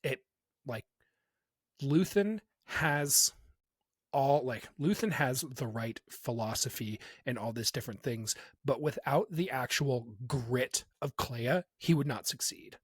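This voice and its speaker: A man co-hosting a TV review podcast in casual chat, talking expressively and jumping into squeaky impressions. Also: expressive, slow, slightly rough, no room sound, studio quality. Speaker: podcast co-host.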